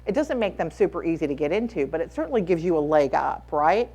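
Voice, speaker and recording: A woman's voice: low-pitched, very animated, fast talker, dark tone, slightly rough. A woman speaking as a conference panelist, giving advice emphatically and repeating her key points. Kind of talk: advisory panel talk. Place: conference room.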